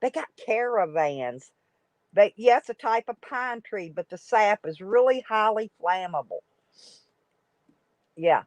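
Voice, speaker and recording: Unhurried and animated, with long pauses, a US woman hosts a live stream and rambles casually while reading viewer comments. Her voice is medium-pitched and a little mellow. There's no echo in the dry, dull lo-fi stream audio.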